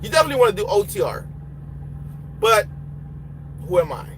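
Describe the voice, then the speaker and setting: Very animated, high-pitched, and a little fast, this young male truck driver and trainer from Honduras fields viewer questions casually and bluntly, hopping between English and Spanish with a Honduran Spanish accent as he reads the chat on a live Q&A. The poor audio carries loud engine and road hum.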